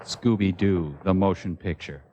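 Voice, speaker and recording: A man's voice: low voice, a little slow, lo-fi sound, very noisy. A man riffing on a movie with dry quips and mock announcements. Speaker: movie riffer. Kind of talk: wisecracking commentary over a film. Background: film soundtrack music.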